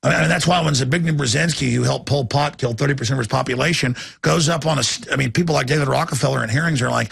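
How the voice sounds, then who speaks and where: A man's voice: mid-range voice, fast, few pauses, a bit bright, no room sound, clean studio sound. A middle-aged man hosting a talk show, ranting intensely and acting out voices as he goes. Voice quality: gravelly. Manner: intense, acts out voices mid-rant. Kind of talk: impassioned talk-radio rant.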